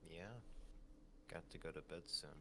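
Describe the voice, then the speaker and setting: A man's voice: extremely low pitch, little pitch movement, normal speed, background noise. A man in casual late-night chat with a friend, giving short, easygoing replies.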